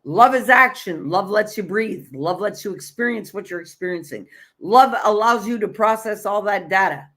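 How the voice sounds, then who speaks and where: A woman gives a motivational spiritual talk with a mid-pitched voice. She speaks bluntly and emphatically, hammering her points through repetition and casual swearing. Her delivery stays conversational and loose, full of restarts. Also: normal speed, a bit bright. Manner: conversational, with frequent restarts and fillers. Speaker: energy and self-love coach.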